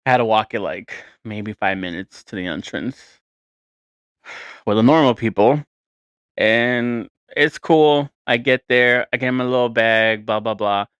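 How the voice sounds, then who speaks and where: A man's voice: mid-range voice, measured pace, fairly bright tone, clean tone, no echo, dull audio. A man in his thirties hosting a podcast, telling a story in a casual, profane, rambling and exasperated way. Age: 30s. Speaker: podcast host.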